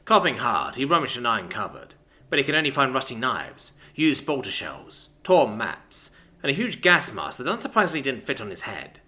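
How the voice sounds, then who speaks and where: Man narrating with a lively, bright voice. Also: mid-range voice, moderate pace. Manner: expressive, dramatic reading. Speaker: story narrator. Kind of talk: scripted story narration.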